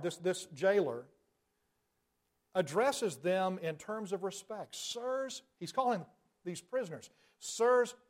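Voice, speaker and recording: A man with a high voice delivers a sermon as an argument. He builds through rhetorical questions, then drives points home with sudden emphasis. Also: a little mellow. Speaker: preacher.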